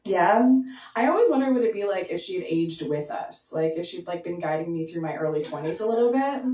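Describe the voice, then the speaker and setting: A young woman doing a stand-up set in a basement club, talking casually and deadpan, full of likes and ums. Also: on the low side, a little fast. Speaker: stand-up comedian. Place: basement comedy venue with audience. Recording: echoey basement, mic heard from a distance.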